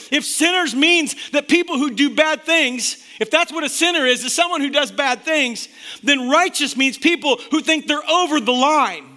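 A male pastor preaching a sermon to his church, impassioned, swinging between loud emphatic bursts and quiet, intense stretches. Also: extremely high pitch.

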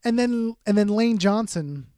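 A man co-hosting a sports podcast, talking in a relaxed, hesitant way with fillers. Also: high voice, measured pace, clean tone, no echo, clean studio sound. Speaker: podcast co-host. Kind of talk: casual sports talk.

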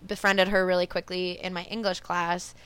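A young woman in her twenties chats as a podcast guest, racing through her stories and cursing freely. Her voice is bright and clear. The sound is dry and close, like a video call. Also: lowish voice, level tone, no echo. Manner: fast talker who swears freely. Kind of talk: casual storytelling chat.

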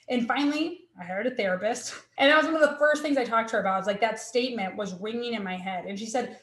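This guest, a woman in her thirties, shares her personal story in a bright, higher voice, talking fast with few pauses. Earnest and reflective, she frequently quotes what she was thinking, all captured in an echoey room.

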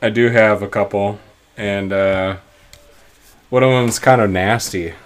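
A man's voice: lowish voice, steady tone, measured pace. A man co-hosting a podcast, talking in a laid-back casual way and swearing now and then. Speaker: podcast co-host. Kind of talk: casual chat.

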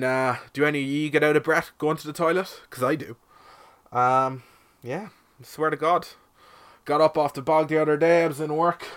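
A man's voice: mid-range voice, a bit bright. A man hosting a solo podcast from his shed, rambling and swearing in a self-mocking comic way. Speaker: podcast host. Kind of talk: casual solo podcast monologue.

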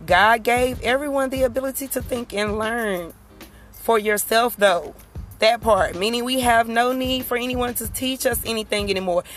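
A woman's voice: a little high, moderate pace, faint music behind. Chatty woman hosting a solo podcast. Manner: conversational, rhetorical asides like "you understand?". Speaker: podcast host. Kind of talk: casual solo podcast monologue.

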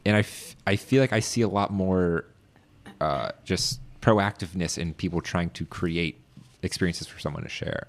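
A man's voice: deep voice, normal speed. A man interviewing an artist in a casual, enthusiastic way, with lots of fillers.

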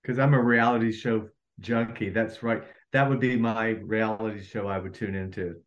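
Man, actor guest on a podcast, somewhat low voice, easygoing, casual chat, agreeable. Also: fairly even intonation, normal speed, highs cut off. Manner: easygoing, agreeable, affirms often.

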